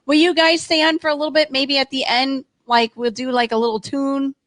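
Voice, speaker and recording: A woman's voice: high-pitched, fairly even intonation, brisk, crowd noise. A woman hosting a casual chat, gushing and upbeat as she introduces her guests. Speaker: show host.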